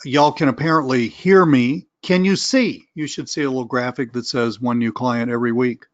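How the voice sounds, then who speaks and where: A man's voice: mid-range voice, moderate pace, no echo. Southern man, middle-aged, rambling chatty coach, dry muffled webinar audio. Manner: chatty, rambling, self-deprecating, occasional cursing. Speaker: online business coach. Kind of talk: casual webinar talk.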